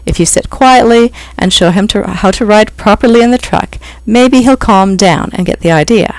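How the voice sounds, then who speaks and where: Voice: mid-range voice, moderate pace, dry recording, voice pushed up, close to an everyday voice. A reader voicing a flustered young woman who scolds and soothes her unruly cats. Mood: soothing. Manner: lively, scolding, a bit frazzled. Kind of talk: audiobook reading.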